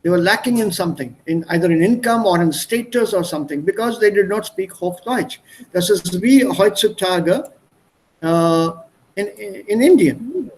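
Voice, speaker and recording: A man's voice: sits high, lively intonation, moderate pace, darkish tone, low-quality recording. A man with an Indian accent teaching an online German class, explaining words through strings of English synonyms. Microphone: video call.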